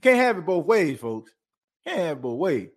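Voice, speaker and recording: A podcast host in a fired-up sports talk rant, animated and preachy, calling his listeners folks. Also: fairly high pitch, normal speed.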